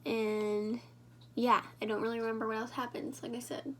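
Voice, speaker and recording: Woman vlogger, high voice, loose casual chat, talks straight to camera while doing makeup. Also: level tone, normal speed, fairly bright tone. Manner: rambling, talks to viewers directly.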